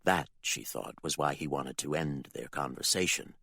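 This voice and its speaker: A man narrating a dark fantasy audiobook with expressive, dramatic storytelling. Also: extremely low pitch, moderate pace, creaky, slightly rough, no room sound, studio quality.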